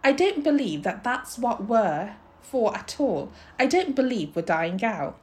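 Woman doing an emphatic storybook boy, high, swingy delivery. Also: big pitch swings, unhurried. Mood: doubting. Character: tall boy, boastful then pleading.

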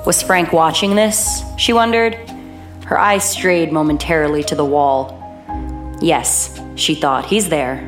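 A woman narrating a horror audiobook in a measured, even reading voice. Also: low-pitched, soft background music.

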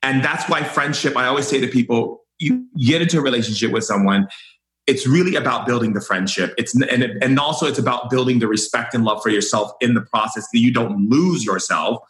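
A man's voice: mid-range voice, fairly quick, a bit bright. A man guesting on a podcast, talking in an effusive way, often repeating his phrases and filling with "you know". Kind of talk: warm conversational interview. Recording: roomy echo.

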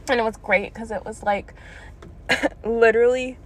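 A woman's voice: on the high side, steady tone, slow, noisy background. A young woman telling a story in a blunt, profane casual rant, laughing between lines. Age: young adult. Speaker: vlogger.

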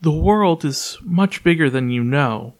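A man voicing a calm, mysterious male stranger who speaks quietly and gravely. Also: fairly high pitch, unhurried.

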